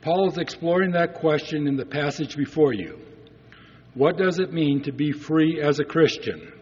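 A man's voice: a little high, normal speed, darkish tone, husky. A man preaching a sermon in an earnest way, asking rhetorical questions to the congregation. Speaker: pastor. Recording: dull recording with long church reverb.

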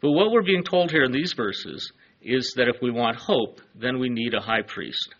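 A man's voice: mid-range voice, expressive, normal speed, a bit bright, dull audio. A man preaching a sermon, earnest and emphatic, letting his phrases fall away at the ends.

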